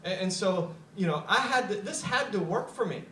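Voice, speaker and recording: Bright high-voiced man giving a motivational talk. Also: lively intonation, moderate pace, a little hiss or hum. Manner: repeats words when starting sentences, chuckles often. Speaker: speaker at a business opportunity meeting. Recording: echoey room, voice picked up from a distance.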